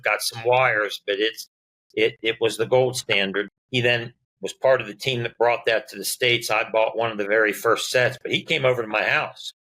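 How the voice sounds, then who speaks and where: A man, a doctor guest on a podcast, talking casually and telling animated stories that act out the dialogue. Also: lowish voice, low-quality recording. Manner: animated storyteller acting out dialogue.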